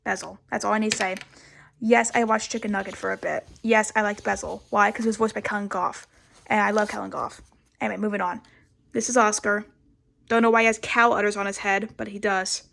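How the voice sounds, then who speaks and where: A woman's voice: medium pitch, steady tone, fairly quick, vocal fry, fairly bright tone, a little hiss or hum. A young woman giving a casual, rambling sketchbook tour, swearing a lot and mocking herself. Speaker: vlogger.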